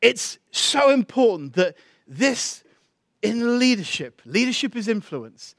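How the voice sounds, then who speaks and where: A man's voice: very high voice, sing-song, takes it slowly, fairly bright tone, no echo, studio quality. A man preaching a sermon, telling a story and acting out the voices in it before building to emphatic peaks.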